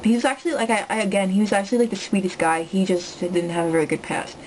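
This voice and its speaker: A young woman telling a story to the camera from home, rambling and joking with many quick asides. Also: medium pitch, steady tone, a little mellow, slight background noise, low-quality recording. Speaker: vlogger.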